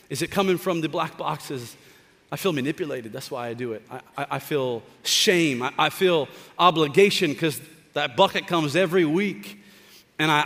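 Animated high-voiced pastor in a hall. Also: male voice. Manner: animated and conversational, joking with the congregation. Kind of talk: sermon. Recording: long hall reverb.

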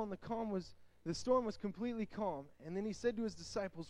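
A young man speaks to a youth crowd with animated storytelling, voicing the people in his tales. His voice sits high for a man, and the recording is dry and close. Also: fairly quick, no echo. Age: young adult. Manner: animated storytelling, acts out quotes. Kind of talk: energetic youth sermon.

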